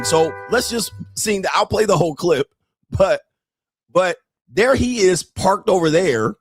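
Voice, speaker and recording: A man hosting a dating talk show, commenting casually on a viral clip with crude jokes, laughing and getting excited. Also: sits high, unhurried, slightly rough, faint music behind. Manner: crude joking, laughs at his own lines; excitable, rising into shouts.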